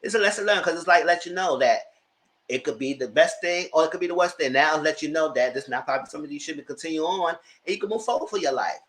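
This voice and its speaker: A man recapping a TV episode in a casual review, chatty and animated, dropping sassy asides and laughing often. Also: a little high, fast. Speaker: TV recap YouTuber.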